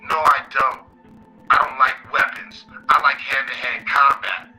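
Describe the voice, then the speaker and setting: A man losing his voice, speaking in a hoarse, half-whispered voice as he rambles on agitatedly about his grievances. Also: medium pitch, little pitch movement, unhurried, sharp tone, soft background music, low-quality recording. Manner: agitated, rambling, self-aggrandizing. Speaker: caller in played recording. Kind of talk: complaint call.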